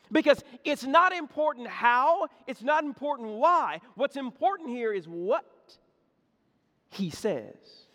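A man preaching a sermon, telling a folksy story with lots of repetition and humor. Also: extremely high pitch. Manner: folksy, animated storytelling, repeats words. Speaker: pastor. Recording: echoey hall.

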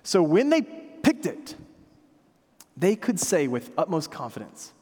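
A man's voice: high voice, sing-song, measured pace, pauses often, husky. A man in his thirties preaching a sermon in a church, telling stories with self-deprecating humor in a conversational way. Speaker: pastor. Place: church sanctuary. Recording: long hall reverb.

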